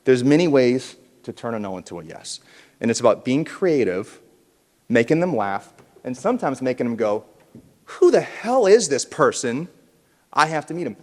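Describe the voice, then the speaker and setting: A man's voice: medium pitch, a little fast. Guy pumping up a conference crowd, voice bouncing all over, big echoey hall. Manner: animated, punchy, with audience call-and-response. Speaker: keynote speaker at a realtors conference. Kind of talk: motivational conference speech. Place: large conference hall, indoors.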